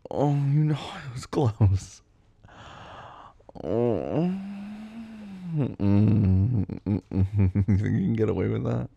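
Gravelly, husky man in intimate role-play. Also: expressive, slow, pauses often, no echo. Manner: low murmuring, teasing, often breathy and moaning; drifts into soft whispers. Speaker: audio role-play performer.

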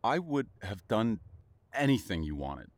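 Male actor as a bitter secret lover for an audio role-play; slow, swearing, lively pitch. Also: no room sound. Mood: hurt. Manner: swearing, halting, repeats words. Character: jealous secret lover, young adult man, wounded and bitter. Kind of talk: audio role-play addressed to a silent listener.

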